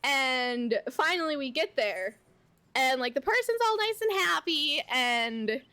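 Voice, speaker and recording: A young adult woman streamer telling a casual story at home while she plays, animated and chatty, full of "like" and the odd swear word. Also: high-pitched, unhurried. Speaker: VTuber streamer. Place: home, at her computer.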